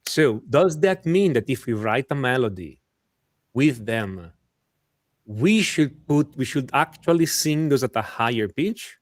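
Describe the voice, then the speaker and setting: A man hosts a live-stream chat and steps in with clarifying questions for the viewers. His pitch moves a lot, and the sound is dry with no room in it. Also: expressive, unhurried, no room sound. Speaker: host.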